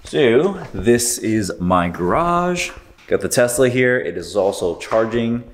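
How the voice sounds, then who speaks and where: A man's voice: mid-range voice, lively intonation, takes it slowly, roomy sound, slight background noise. A man in his twenties from Southern California gives a casual, upbeat home tour vlog, walking from room to room with lots of fillers. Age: 20s. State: a bit out of breath at times. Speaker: vlogger.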